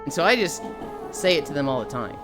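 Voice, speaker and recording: A lively woman streamer telling stories to her chat, her voice sitting low but swinging widely in pitch. She jumps into exaggerated mock voices whenever she quotes someone. Music plays clearly underneath. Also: quick pace. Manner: animated storyteller acting out quotes in loud mock voices. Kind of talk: casual live-stream chat.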